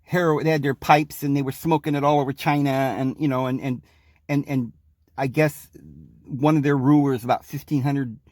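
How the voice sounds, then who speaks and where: A man's voice: mid-range voice, darkish tone, no echo, clean studio sound. A man hosting a podcast in a rambling, emphatic monologue, sometimes acting out the people he quotes. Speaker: podcast host. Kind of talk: casual monologue.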